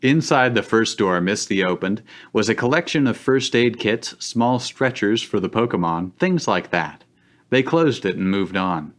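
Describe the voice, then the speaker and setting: A man narrating fanfiction aloud for laughs on a live stream, dry and deliberate. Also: fairly low pitch, expressive. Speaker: narrator and host.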